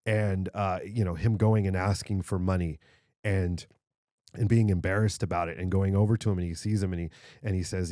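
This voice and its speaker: A man co-hosting a casual podcast, retelling a favourite film with animated, stumbling enthusiasm. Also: low-pitched, moderate pace, no room sound, studio quality. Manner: animated storytelling, stumbles and repeats words. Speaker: podcast co-host.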